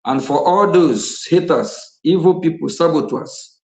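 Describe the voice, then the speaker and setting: Man, activist speaker, gravelly, impassioned, echoey room. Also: on the high side, moderate pace, few pauses, a little mellow. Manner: impassioned, repetitive, bursts of laughter. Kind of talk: impassioned political speech.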